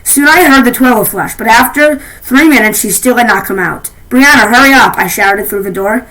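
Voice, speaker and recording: A woman reading a children's novel aloud in an expressive storytelling manner. Her voice sits a little high, and she often stumbles and restarts words. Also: moderate pace, poor audio. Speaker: reader.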